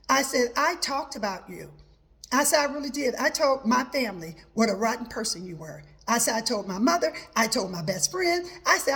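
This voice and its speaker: A woman's voice: sits high, vocal fry, fairly bright tone. A woman hosting a personal advice talk, telling her own story earnestly and quoting herself with many repetitions of "I said". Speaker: host.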